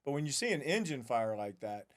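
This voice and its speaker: A man's voice: mid-range voice, very animated, fairly quick. A man co-hosting a casual podcast who laughs often while he retells stories. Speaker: podcast co-host. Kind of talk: casual chat.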